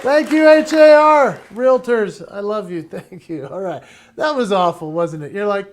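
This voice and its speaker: High-voiced, energetic male comic speaker. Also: a little slow, a faint crowd. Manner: energetic, playful, laughs often. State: out of breath. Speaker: motivational speaker and entertainer. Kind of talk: comedic virtual keynote. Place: at home.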